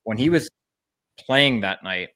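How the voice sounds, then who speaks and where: A man's voice: medium pitch, lively intonation, fairly bright tone. Self-mocking man telling hockey stories. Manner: self-mocking, halting, stammers on restarts. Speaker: podcast co-host, former hockey player. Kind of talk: casual sports talk.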